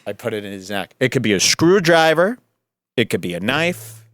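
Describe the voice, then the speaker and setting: A man hosts a show and mocks a video clip in a rambling, sarcastic way, full of jokes and tangents. His voice sits at an ordinary middle pitch. It is recorded close and dry, with no room sound. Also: very animated, moderate pace, fairly bright tone, no room sound. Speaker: podcast host. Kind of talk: mocking commentary on a video clip.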